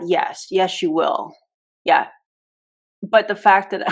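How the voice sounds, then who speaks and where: A woman hosting a casual reaction video, frank and sarcastic, often laughing at an old clip of herself. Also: on the low side.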